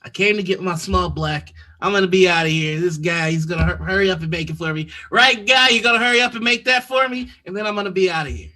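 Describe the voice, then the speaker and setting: A man's voice: high-pitched, fast, hardly any pauses, bright, forceful tone. A man playing a swaggering, foul-mouthed tough-guy customer. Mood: threatening. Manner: swaggering, profane, bullying. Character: pushy tough-guy male coffee customer, menacing.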